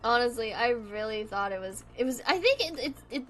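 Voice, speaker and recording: High-voiced young woman chatting casually. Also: lively intonation, moderate pace, few pauses, a bit bright. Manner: rambling, swears a lot, laughs often. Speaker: streamer. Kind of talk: casual chat while drawing.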